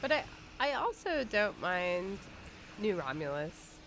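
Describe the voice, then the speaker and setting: A woman's voice: mid-range voice, very animated, slow pace, a bit bright, a little hiss or hum. A woman co-hosting a podcast, chatting casually and giggling while playing a game on a livestream. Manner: giggly, chatty, lots of fillers. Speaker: podcast co-host.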